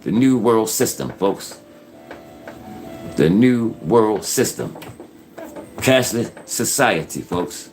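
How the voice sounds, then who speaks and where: A man's voice: lowish voice, big pitch swings, takes it slowly, pauses often, darkish tone, soft background music. A man hosting his own channel, talking to viewers in an earnest, repetitive, preachy way. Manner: earnest, repetitive, keeps saying "folks". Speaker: YouTube channel host. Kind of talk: casual preachy commentary.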